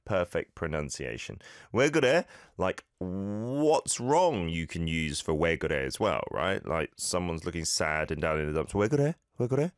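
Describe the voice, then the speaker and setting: Low-voiced man hosting a chatty lesson. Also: animated, moderate pace, smooth, no room sound, studio quality. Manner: playful, chatty, repeats phrases to model them. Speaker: podcast host teaching Korean. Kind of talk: casual language lesson.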